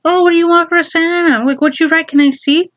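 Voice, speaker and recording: A woman's voice: extremely high pitch, fairly even intonation, a little fast, dull audio, pitched above the performer's own voice. A woman voicing a patient mother who coaxes and questions her small child. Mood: coaxing. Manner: coaxing, questioning.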